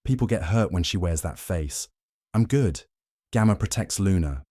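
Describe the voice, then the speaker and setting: A man's voice: sits low, lively intonation, moderate pace, warm tone, no room sound, studio quality. A man voicing a cocky, joking young male werewolf guard who talks in laid-back slang. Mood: casual.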